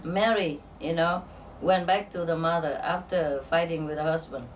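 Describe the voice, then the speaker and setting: A woman telling a string of jokes in a casual, halting way, laughing often at her own punchlines and acting out the characters in higher voices. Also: steady tone, distant mic, slight background noise. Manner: slow, halting delivery with fillers and restarts. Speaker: joke teller.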